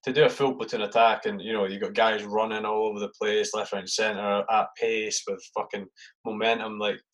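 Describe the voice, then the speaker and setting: A man's voice: on the low side, level tone, fairly quick, a bit bright, rough recording. A man hosting a casual interview, rambling about infantry life with lots of "like" and swearing. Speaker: podcast host, ex-soldier.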